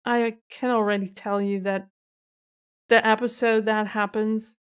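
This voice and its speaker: Slow, gushing woman reviewing a show. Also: mid-range voice, level tone, clear, resonant tone. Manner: gushing, emotional, laughs often, slow and effusive. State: close to tears. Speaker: reaction video host. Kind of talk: emotional reaction review.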